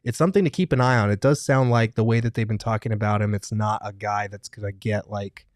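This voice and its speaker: A man co-hosting a casual sports talk show, measured and hedging as he thinks aloud. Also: on the low side, fairly even intonation, a little mellow, no echo, clean studio sound. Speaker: co-host.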